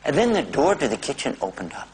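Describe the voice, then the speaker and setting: A man telling a personal faith story in a religious talk, animated and acting out the voices. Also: medium pitch, fast, slightly rough, low-quality recording. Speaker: speaker.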